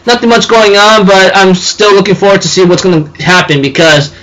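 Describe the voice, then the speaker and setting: A man's voice: high-pitched, steady tone, fairly quick, pushed and bright, rough recording. A man casually recapping an anime episode, rambling with lots of fillers and giggling as he talks. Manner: rambling, full of "you know" and "and so forth"; giggly, laughs while talking. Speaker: anime reviewer.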